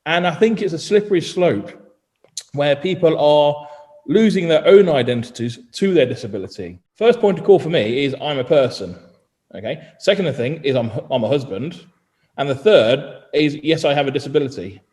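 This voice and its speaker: A man talking on a podcast in a fairly high voice, swinging between stories and opinions and acting out other people's lines. His voice carries a long, trailing reverb. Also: moderate pace. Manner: animated storytelling, mimics other people. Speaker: journalist and co-host. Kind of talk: casual podcast chat.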